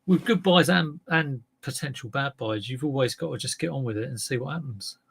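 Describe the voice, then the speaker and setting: A man with a husky voice chatting casually and rambling on a live reseller stream, often breaking off and restarting his sentences. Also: medium pitch, brisk, fairly bright tone, slight background noise. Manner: rambling, self-interrupting, chatty. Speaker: reseller livestream host.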